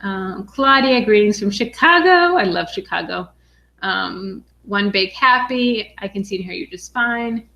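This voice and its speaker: A woman's voice: medium pitch, unhurried, gravelly, highs cut off. Bubbly young woman reading live chat. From Western Massachusetts, USA. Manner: bubbly and excited, frequent "um"s. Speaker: personal finance vlogger. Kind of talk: casual live stream, reading viewer comments.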